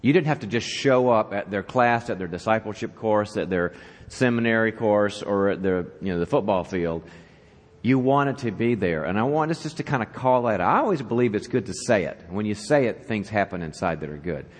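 A man's voice: fairly low pitch, fairly quick. A man speaking to an audience at a church leadership event, telling a joke conversationally and asking the crowd questions. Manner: animated storyteller, conversational, asks the audience questions. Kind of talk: conference talk to an audience. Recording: reverberant hall.

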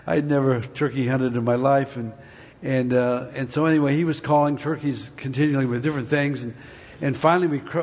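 Husky older man telling a story in church. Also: medium pitch. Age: 70s. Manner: folksy, meandering storytelling. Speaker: speaker giving a church testimony. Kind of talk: rambling personal story told to a congregation. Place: church sanctuary. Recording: long reverb of a large hall.

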